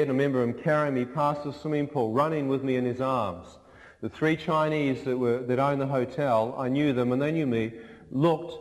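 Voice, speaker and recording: Man, storytelling testimony, vivid, acts out the voices, mid-pitched, echoing church hall. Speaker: speaker giving a testimony. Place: large church. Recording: long reverb in a large church.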